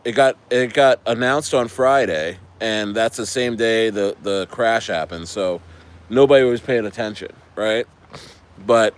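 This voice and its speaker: A man streaming about crypto in a casual, rambling and profane way, often repeating himself. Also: mid-range voice. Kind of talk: casual ranting chat.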